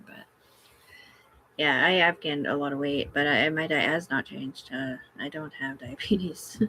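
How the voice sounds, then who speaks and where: A woman's voice: sits low, measured pace, pushed and bright. A woman rambling and swearing casually on a live stream from her room, talking back to her chat. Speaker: livestreamer.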